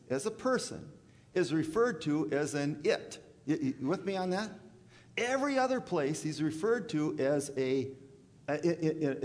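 A man preaches in a fairly high voice that swoops up and down with great energy. He talks folksy and stammers through restarts, forever asking his listeners if they follow. His voice rings out with the long reverb of a big church hall. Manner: folksy, repeats "you with me on that?"; stammering restarts, animated delivery. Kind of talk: sermon.

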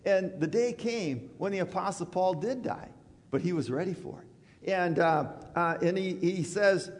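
A man preaching a sermon in a church, conversational and animated, acting out quoted voices. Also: high voice. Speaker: pastor. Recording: church hall reverb.

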